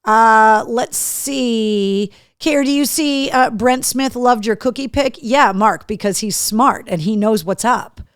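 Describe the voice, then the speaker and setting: A woman's voice: a little high, slow, clear, resonant tone, no echo, studio quality. A woman hosting a casual live show, chatting to her dogs in a coaxing voice and reading out viewer comments. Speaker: host. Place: home studio room.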